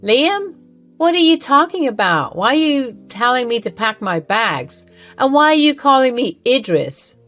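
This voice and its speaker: A woman's voice: high voice, very animated, a little slow, a bit bright, soft background music, voice pushed up, full character voice. A woman voicing a smug, scheming middle-aged mother-in-law in a storybook narration. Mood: bewildered.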